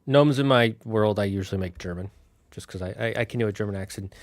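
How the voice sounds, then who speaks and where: A man thinking aloud on a casual solo stream, building out a fantasy town with halting, restarting speech. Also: fairly low pitch, no echo.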